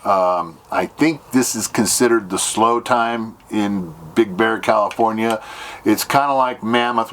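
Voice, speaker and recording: A man's voice: fairly low pitch, a bit bright, a little hiss or hum. A middle-aged man, a solo gigging musician, telling a rambling casual story and acting out both sides of the conversations, his voice jumping up when he quotes people.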